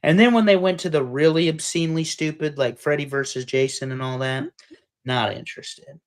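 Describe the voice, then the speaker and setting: A man co-hosting a casual panel chat, jokey and animated, swinging between loud bursts and quiet asides. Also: a little high, brisk. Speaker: podcast co-host.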